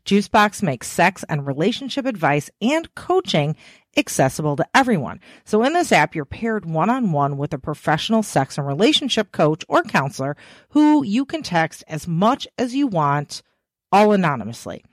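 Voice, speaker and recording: A woman's voice: lowish voice, sing-song, moderate pace, no echo, clean studio sound. Cheeky, tired woman podcast host. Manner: playful and cheeky, swears freely. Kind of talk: casual solo podcast chat.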